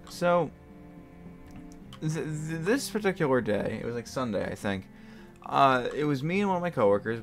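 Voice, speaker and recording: A man's voice: mid-range voice, fairly bright tone. A young man hosting a gaming video, telling a rambling story with lots of fillers and frequent laughter. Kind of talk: casual storytelling while playing a game.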